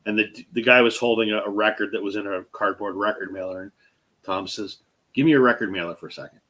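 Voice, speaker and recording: A man with a fairly low voice, hosting a relaxed chat. He tells a story with animation and slips into the voices of the people he quotes. His speech is full of fillers and restarts. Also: fast talker. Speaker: host.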